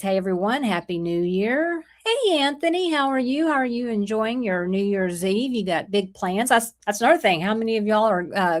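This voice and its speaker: A middle-aged woman with a sore throat, hosting a casual livestream and chatting through viewer comments. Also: medium pitch. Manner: chatty, rambling, greets viewers by name. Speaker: livestream host.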